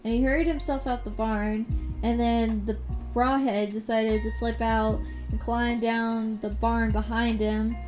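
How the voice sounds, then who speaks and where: A woman's voice: a little high, level tone, unhurried, a little mellow, faint music behind. A woman streamer casually retelling a scary story, with profane, rambling asides. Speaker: live streamer.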